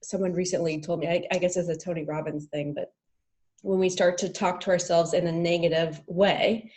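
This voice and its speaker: A woman's voice: on the low side, flat delivery, fairly quick, darkish tone. A woman hosting an interview, affirming her guest and asking questions with frequent fillers. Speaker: host.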